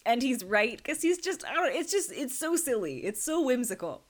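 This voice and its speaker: A woman's voice: sits high, very animated, normal speed. Gushing, enthusiastic woman talking films. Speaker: podcast co-host. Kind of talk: casual movie discussion.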